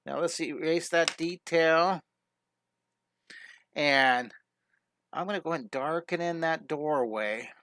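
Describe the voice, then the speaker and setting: A drawing teacher and show host runs a live online lesson, chatty and upbeat, talking through each step as he draws and often restarting and correcting his sentences. His voice is a little high and a bit bright, he takes it slowly with long pauses, and the studio sound is clean with no room sound.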